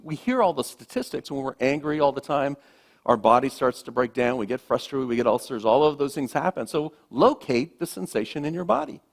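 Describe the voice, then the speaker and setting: Male minister, slightly higher voice, gentle reflective sermon delivery, soft phrase endings. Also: gravelly.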